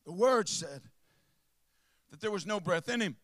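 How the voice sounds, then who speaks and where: A man preaching a sermon to a congregation, swinging from hushed asides to impassioned shouts and calling out to listeners by name. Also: sits high, animated, a little slow, no room sound. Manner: calls out to the congregation.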